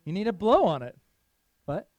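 A man's voice: sits high, very animated, normal speed, darkish tone, no room sound. A middle-aged man preaching a casual sermon, chatting with his listeners, asking them questions and laughing often. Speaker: pastor.

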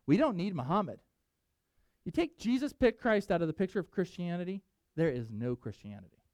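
A male pastor preaching to his congregation in a high, lively voice. He speaks emphatically, with big swings in pitch. The sound is dry and close. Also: a little fast, dry recording. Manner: emphatic, animated, conversational preaching. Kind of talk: sermon.

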